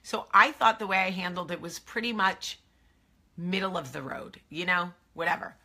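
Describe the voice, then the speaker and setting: A woman with a New Jersey accent hosts a casual chat to camera, speaking in a chatty, confiding way and trailing off into asides. Her voice is fairly low and bright with a pushed quality, at normal speed.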